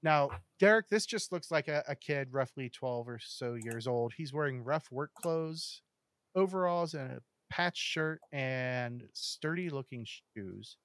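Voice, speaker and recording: A man running a tabletop game as game master, describing scenes in a steady narrating voice with casual asides to the players. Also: medium pitch, unhurried, no echo, studio quality.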